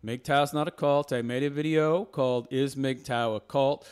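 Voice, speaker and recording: A man talks through a point-by-point rebuttal in an argumentative commentary style. His voice is smooth and clear, sitting at a middling pitch. He explains things in a lecturing way. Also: steady tone, a little slow.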